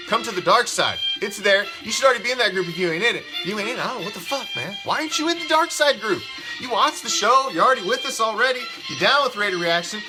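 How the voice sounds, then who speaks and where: A man hosting a fan show, ranting in a heated, profane, rambling way. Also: high voice. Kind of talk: casual ranting commentary.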